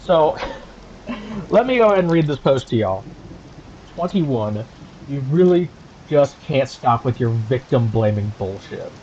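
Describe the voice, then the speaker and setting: A man's voice: mid-range voice, big pitch swings, unhurried, pauses often, warm tone, highs cut off, slight background noise. Angry profane man ranting on stream.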